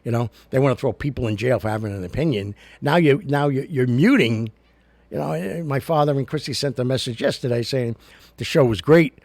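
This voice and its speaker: A man's voice: medium pitch, a little fast, a little mellow, dry recording. A man hosting a casual livestream, talking to his viewers in a rambling, chatty way and ranting at times. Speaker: host. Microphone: studio recorder mic.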